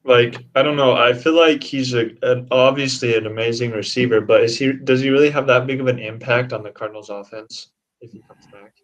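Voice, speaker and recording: A man's voice: medium pitch, fairly even intonation, brisk, dull audio. Man asking questions in a sports chat. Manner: questioning, tentative. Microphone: online call.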